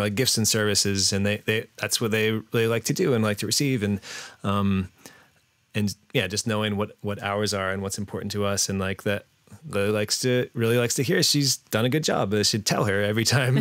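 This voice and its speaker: Low gravelly man, rambling chat. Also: fairly bright tone, no echo. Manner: rambling, hesitant, many fillers and restarts, laughs often. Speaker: podcast guest. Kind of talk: casual interview chat.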